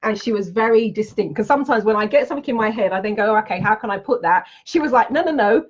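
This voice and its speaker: Brief: bubbly, enthusiastic woman, mid-pitched, chatty live-stream host, slightly dull lo-fi audio. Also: quick pace. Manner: bubbly, enthusiastic, laughs often. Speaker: tarot reader and trainer. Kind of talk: Facebook Live chat with viewers.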